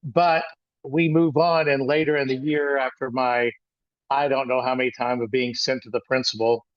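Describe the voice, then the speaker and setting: An older man in his sixties tells a story from his own childhood, wandering and halting as he goes, with plenty of restarts. The sound is dry and a little dull, with no room around his voice. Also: medium pitch, level tone, no room sound. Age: 60s. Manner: rambling, halting with frequent restarts. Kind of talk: personal storytelling talk.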